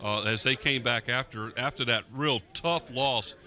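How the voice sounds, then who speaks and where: A man announcing a local high school football game, reading sponsor spots and giving lively commentary. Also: unhurried. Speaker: play-by-play announcer. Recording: local cable broadcast with music behind.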